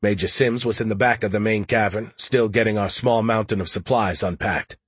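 Husky, low-voiced male narrator. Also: steady tone, normal speed, no room sound. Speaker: audiobook narrator. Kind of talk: first-person audiobook narration.

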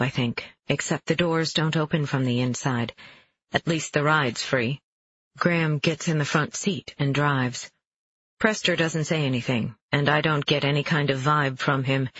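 Brief: male audiobook narrator, somewhat high, husky, measured first-person reading, dull lo-fi sound. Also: a bit bright. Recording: dull lo-fi dry recording.

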